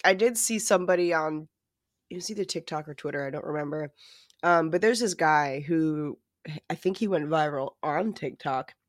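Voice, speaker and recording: A podcast co-host in casual chat who talks in an animated, profane, joking way. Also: medium pitch, moderate pace, no echo, studio quality. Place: lives in New York City.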